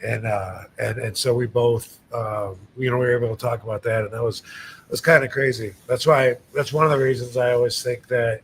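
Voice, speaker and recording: A middle-aged man tells stories at a loose, rambling pace, stopping and restarting often. His voice sits at an ordinary pitch, with a faint low rumble in the background. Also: fairly even intonation, brisk, fairly bright tone, rough recording. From Michigan, United States. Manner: rambling storyteller with many fillers and restarts. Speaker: podcast host. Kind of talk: casual chat.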